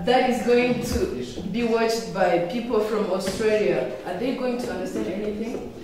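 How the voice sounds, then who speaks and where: A woman's voice: mid-range voice, moderate pace, crowd noise. A young woman speaking for the opposing side as a student debater in a classroom debate, blunt and challenging. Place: university classroom. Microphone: distant room mic. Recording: echoey noisy room, from far off.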